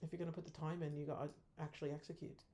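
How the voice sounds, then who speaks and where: Gravelly, self-scolding woman trader. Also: deep voice, flat delivery, rapid-fire, warm tone. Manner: self-scolding, frustrated, blunt, swears casually. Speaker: options trader reviewing own trades. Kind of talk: casual weekly trade review.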